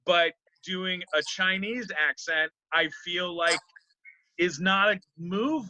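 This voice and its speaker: A male comedian talking casually, circling his points with fillers and restarts. His voice is sharp and forceful, sitting a bit high for a man. The sound is dry and slightly dull, with no room around it. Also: slow, dry recording. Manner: rambling, many fillers and restarts. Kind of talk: casual interview chat.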